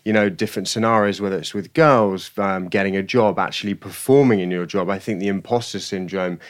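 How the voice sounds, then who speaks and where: A man's voice: deep voice, fairly even intonation, a little fast. A man, a podcast co-host, talking in a loose, rambling, self-deprecating way. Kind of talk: casual podcast conversation.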